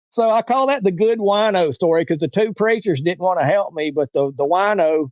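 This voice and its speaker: In a lo-fi, dry recording, a man with a high voice speaks at normal speed as an interview guest. He tells a long personal story casually, rambling, repeating himself, and acting out the voices of people he quotes.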